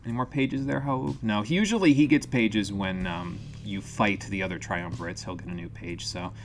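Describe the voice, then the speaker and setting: A man's voice: lowish voice, moderate pace, soft background music. A man streaming a game, chatting casually with jokes, swearing and self-deprecating asides. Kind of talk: casual let's-play commentary.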